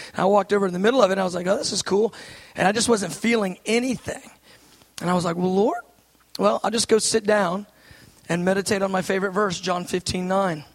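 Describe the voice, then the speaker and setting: A man in his thirties preaching a sermon with fervor, swinging between shouting and hushed asides. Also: high-pitched.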